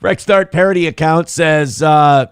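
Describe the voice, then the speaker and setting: A man's voice: a little high, a little slow, clear, resonant tone, dry recording, studio quality. A man hosting a casual livestream, talking in a rambling, mocking way and putting on over-the-top corny voices for his critics. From Minnesota. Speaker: livestream host.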